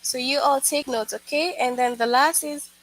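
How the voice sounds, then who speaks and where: A woman's voice: sits high, steady tone, normal speed, a bit bright, low-quality recording. A woman teaching an online lesson to young children, patiently explaining and repeating herself, with many "okay"s and "all right"s.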